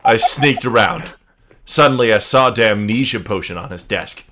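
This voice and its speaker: A man hosting a comedy podcast, reading fan fiction aloud theatrically with deadpan asides. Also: fairly low pitch, normal speed, background noise.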